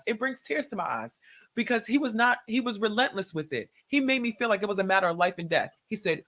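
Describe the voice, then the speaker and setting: A woman telling an emotional personal testimony in a conversation, animated and acting out the words in quotes. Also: mid-range voice, fast talker. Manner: animated, acts out her own and others' words in quotes. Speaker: guest sharing a testimony.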